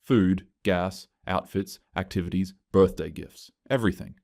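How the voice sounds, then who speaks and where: A man's voice: low-pitched, measured pace, creaky, darkish tone, no echo, studio quality. A man voicing a blunt, teasing adult brother in a scripted story, speaking matter-of-factly.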